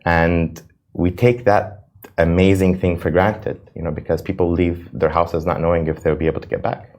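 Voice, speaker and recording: An American man with a low, deep voice talks in an interview. He speaks earnestly and with passion, stumbling and restarting as he works through what he feels. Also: level tone, normal speed, a little mellow, highs cut off. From United States. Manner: earnest and impassioned, with frequent restarts. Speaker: interview guest. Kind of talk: emotional interview talk.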